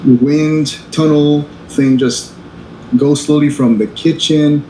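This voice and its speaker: In an echoey room with slight noise, a male podcast co-host chats in a mellow, slightly high voice with fairly even intonation. He pauses, restarts, and leans on fillers a lot.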